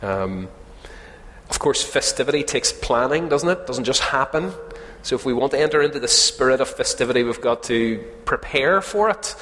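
A man's voice: medium pitch, animated, normal speed, a bit bright. A man preaching a sermon to his congregation, conversational and humorous, often asking them questions. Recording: long hall reverb.

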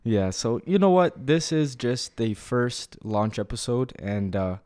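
A man co-hosting a podcast, speaking calmly and a little nervously in casual chat. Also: mid-range voice, unhurried, dry recording, clean studio sound. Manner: calm, reserved, admits nerves. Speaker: podcast co-host.

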